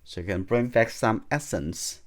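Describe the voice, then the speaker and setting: A man whose first language is Chinese, calmly talking through a charcoal drawing demonstration as an art teacher, thinking aloud as he works. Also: on the low side, measured pace. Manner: calm, thinking aloud while drawing, non-native phrasing.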